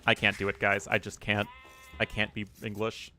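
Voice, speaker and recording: A man's voice: on the low side, completely flat delivery, normal speed, pushed and bright. A man with a General American accent casting a live strategy game, chatty and casual and laughing often. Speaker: caster. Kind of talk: live game commentary reading chat.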